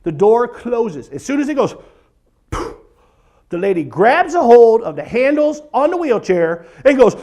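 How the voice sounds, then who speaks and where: Man, 40s, stand-up comedy, very high voice, lively sweeping pitch, animated storyteller. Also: unhurried. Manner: animated storyteller, breaks into singing and screaming bits. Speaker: comedian telling stories. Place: church event hall.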